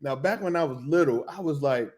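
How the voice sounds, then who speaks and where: Slangy, animated man telling a story. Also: on the high side, a little fast. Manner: animated, humming tunes and acting out reactions; loose slangy speech with restarts and laughs. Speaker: podcast host. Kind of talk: casual storytelling.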